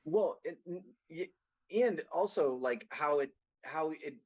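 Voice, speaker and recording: A man's voice: on the high side, expressive, slow pace, darkish tone. A man from Boston with a faint, mostly neutral American accent, telling rambling stories in a casual podcast conversation. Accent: slight Boston, mostly neutral American. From Boston, USA. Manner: rambling storyteller, frequent restarts. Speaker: guest, consultant. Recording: dull lo-fi audio.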